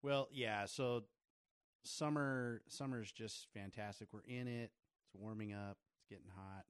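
A man chatting casually as a podcast co-host, easygoing and relaxed. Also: fairly low pitch, a little slow, smooth, dry recording, clean studio sound. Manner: easygoing, short reactions. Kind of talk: casual chat.

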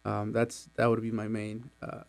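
A young man from Mexico in his twenties, a student guest in a radio studio, answering thoughtfully with many pauses and fillers. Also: lowish voice, completely flat delivery, creaky. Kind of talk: interview answers.

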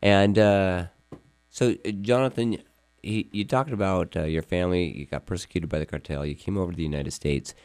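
A man with a low, mellow voice hosts a studio radio interview, stumbling through his questions with ums and restarts. The sound is close and dry. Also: clean tone, no room sound. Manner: halting, many fillers and restarts. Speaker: radio show host and attorney.

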